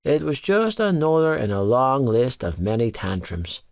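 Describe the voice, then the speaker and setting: A man narrating a novel in the first person in an even, measured storytelling voice, close to a studio microphone. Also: medium pitch, gravelly, dry recording. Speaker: audiobook narrator.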